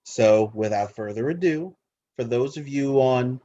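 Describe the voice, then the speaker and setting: A man's voice: medium pitch, a little slow, mellow, dull audio. A man hosting a casual movie countdown podcast, talking with rambling enthusiasm and swearing freely. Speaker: podcast host.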